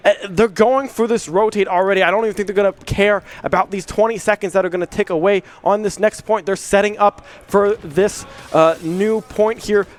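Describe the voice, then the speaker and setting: A young man calling live college esports play-by-play, rapid and rising at big plays. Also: high-pitched, fairly even intonation.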